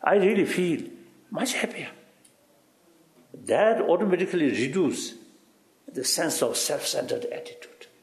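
A man giving halting, reflective interview answers in broken English, often repeating "you see" and chuckling. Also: a little high, big pitch swings, reverberant. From Tibet. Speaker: interviewee, spiritual teacher.

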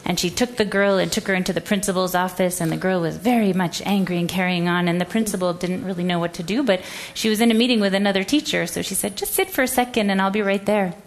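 A woman's voice: fairly low pitch, steady tone, fast, few pauses. A woman educator giving a presentation, telling a classroom story and acting out the quoted voices. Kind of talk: presentation talk.

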